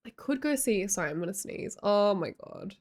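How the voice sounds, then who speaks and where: A woman's voice: mid-range voice, expressive, moderate pace. A woman chatting casually on a livestream, reading chat aloud and telling stories with lots of giggles.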